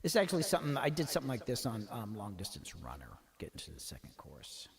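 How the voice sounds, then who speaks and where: A man's voice: fairly low pitch, wildly swooping pitch, fast talker, vocal fry. A man hosting a livestream from his home studio, casually talking to himself and swearing now and then while he works on a song. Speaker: music producer and livestream host. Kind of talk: casual thinking aloud while producing. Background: loud playback of his own song.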